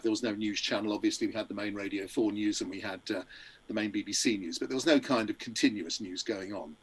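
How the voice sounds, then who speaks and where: A man's voice: medium pitch, rough recording. Older man recounting a radio story. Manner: rambling anecdotal telling with hesitant fillers. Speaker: guest, radio amateur and journalist. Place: studio.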